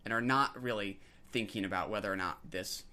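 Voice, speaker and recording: Hesitant low-voiced man chatting about films. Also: a little fast, pushed and bright. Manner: hesitant, many ums and restarts. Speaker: podcast co-host. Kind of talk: casual film discussion.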